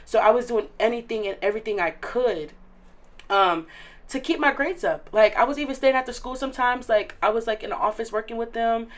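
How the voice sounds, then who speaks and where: A woman's voice: on the high side, a little fast. Earnest eighteen-year-old woman, filler-heavy. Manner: earnest and emotional, many filler likes. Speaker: interview guest, recent high school graduate. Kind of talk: casual interview chat.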